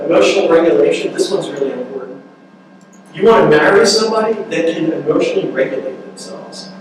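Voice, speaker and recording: A man giving a relationship workshop talk in a conversational, earnest way, with fillers and restarts. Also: on the high side. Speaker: workshop speaker. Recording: echoey room, mic far off, noisy.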